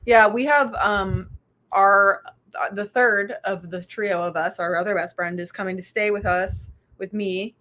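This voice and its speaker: A woman's voice: mid-range voice, fairly even intonation, unhurried, fairly bright tone. A young woman with a slight lisp from aligners who hosts a book club livestream, chatting casually, laughing often and losing her thread. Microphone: computer mic on a livestream.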